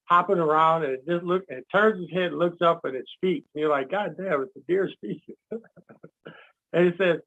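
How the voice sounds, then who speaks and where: A man with a high, gravelly voice talks in a loose, teaching way. He acts out little quotes and laughs at his own jokes, on a dull, lo-fi recording. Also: a bit bright. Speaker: guest speaker. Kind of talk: casual teaching talk. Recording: dull lo-fi sound.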